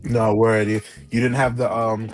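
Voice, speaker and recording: A young man co-hosting a podcast, joking and throwing in slangy quick remarks. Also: on the low side, little pitch movement, faint music behind. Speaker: podcast co-host. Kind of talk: casual chat.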